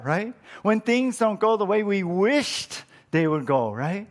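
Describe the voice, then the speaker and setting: A man's voice: high voice, animated, slow, few pauses. A man preaching a conversational sermon as a pastor, often repeating words and rising sharply when he quotes scripture. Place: church.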